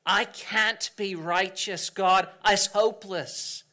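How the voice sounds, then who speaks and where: Guy preaching slow and earnest, high bright voice, lots of pauses. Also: fairly even intonation. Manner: earnest, dramatic pauses, shifting from loud to hushed. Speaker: pastor. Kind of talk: sermon.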